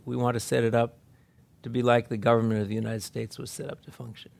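Gravelly man speaking earnestly. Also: medium pitch, flat delivery, quick pace. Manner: earnest, emotional, laughing, voice breaking. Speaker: speaker at a conference. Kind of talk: informal talk.

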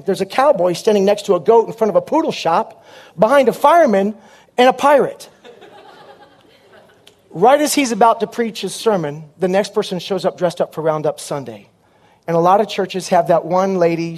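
Guy preaching a funny story sermon, high voice, punchy with lots of asides. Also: a little mellow.

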